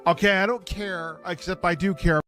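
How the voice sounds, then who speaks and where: Man impersonating a petulant young streamer, whiny and worked up, voice pushed a bit high, faint music behind. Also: steady tone, moderate pace, pushed and bright. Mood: mocking rant. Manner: mocking, exaggerated whining. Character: whiny, angry young male streamer ranting.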